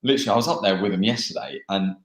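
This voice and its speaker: A young English man, a motocross racer, chatting casually in a live interview, laughing and pausing on fillers. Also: on the low side. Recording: echoey room.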